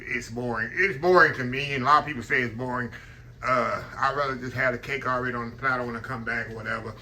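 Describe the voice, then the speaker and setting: A man's voice: mid-range voice, pushed and bright, slight background noise. A man with a Southern American accent chatting casually through a home cooking vlog, folksy and talkative, often calling out to viewers as y'all. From Southern United States. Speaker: cooking vlogger. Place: home kitchen.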